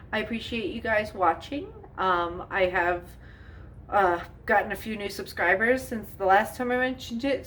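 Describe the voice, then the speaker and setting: A woman's voice: medium pitch, recorded from a distance, a little hiss or hum. Chatty, exasperated woman vlogger. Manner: chatty, exasperated, laughs often, many fillers. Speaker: home cooking vlogger. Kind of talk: casual storytime while baking.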